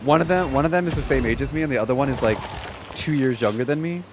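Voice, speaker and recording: A young man in his twenties chats to his viewers while he streams a game. He tells stories in an animated, rambling way and peppers his talk with "like". His voice sits at an ordinary pitch, with a faint hum of ambience behind it. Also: fast talker. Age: 20s. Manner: chatty, animated storytelling full of "like" fillers.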